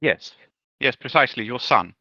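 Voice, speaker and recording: A man voicing a smooth, scheming figure in a tabletop role-play who speaks in a formal, courteous way with hesitant restarts. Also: medium pitch, lively intonation, normal speed, dry recording, highs cut off. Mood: polite scheming.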